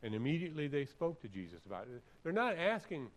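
A man preaching a sermon, reading scripture aloud and then explaining it conversationally, often clearing his throat and repeating phrases for emphasis. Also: on the high side, big pitch swings, fairly quick, low-quality recording. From San Francisco area. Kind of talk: expository sermon.

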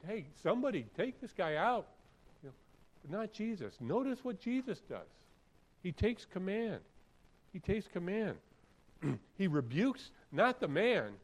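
A man preaching a sermon, reading scripture aloud and then explaining it conversationally, often clearing his throat and repeating phrases for emphasis. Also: on the high side, low-quality recording. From San Francisco area. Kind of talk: expository sermon.

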